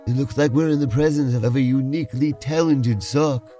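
A man's voice: medium pitch, steady tone, normal speed, mellow, soft background music, voice pushed up, lightly acted. A man voicing a boastful, swaggering male diner boss on a space freighter in a role-play podcast.

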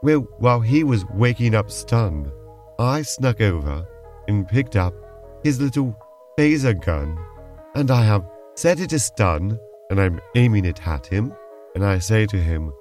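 Mild low-voiced man, dry manner. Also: lively intonation, a little slow, a little mellow, soft background music. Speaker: co-host and player. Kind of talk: role-play podcast chat.

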